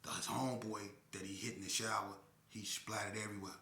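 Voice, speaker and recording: A man telling a crime story in a casual, animated way, adding sound effects and slang. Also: on the low side, fast. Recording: echoey room.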